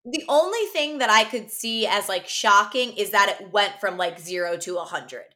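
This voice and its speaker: A woman's voice: mid-range voice, normal speed, pushed and bright. A young woman co-hosting a podcast, talking animatedly in casual chat and swearing freely. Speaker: podcast co-host.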